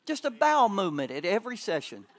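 Preacher, man, high and lively, joking sermon delivery. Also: fast, creaky, a little hiss or hum. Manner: animated, joking, swinging loud to soft. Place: church or conference hall.

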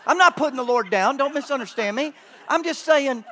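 A man preaching a sermon at a church conference, joking with the crowd and swinging between loud bursts and quiet asides. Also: extremely high pitch, expressive, fairly quick.

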